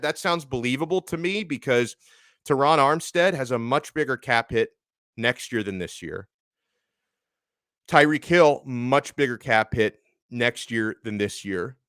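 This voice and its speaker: A man hosting a live sports talk stream, animatedly reading viewer chats and giving shout-outs. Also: medium pitch, no room sound, clean studio sound. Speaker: sports show host.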